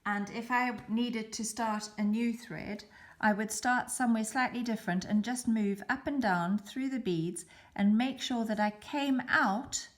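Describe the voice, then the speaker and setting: A woman hosting a beading tutorial, calmly explaining each step as she works. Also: on the high side, unhurried. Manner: calm, chatty explaining while working. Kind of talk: step-by-step craft demonstration.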